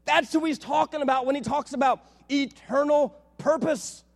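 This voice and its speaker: A preacher man with a high, lively voice gives a sermon, dropping to a hush and then climbing back up. His words ring out with a long reverb, as if spoken in a church hall. He mixes scripture with family stories. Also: normal speed, vocal fry, slight background noise. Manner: animated, swings from hushed to loud, tells family anecdotes. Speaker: pastor.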